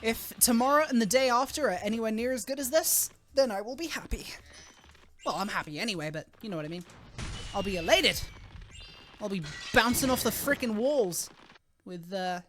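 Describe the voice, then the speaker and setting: A young adult woman streaming live, chatting casually, swearing freely and squealing loudly when thanking donors. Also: a little high, lively intonation, moderate pace, faint music behind.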